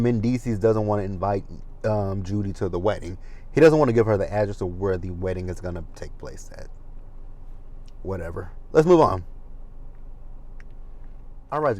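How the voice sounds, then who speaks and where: A man's voice: fairly low pitch, darkish tone. A man hosting a casual reality TV recap, talking in a chatty, gossipy way with asides and profanity. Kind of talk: casual chat commentary.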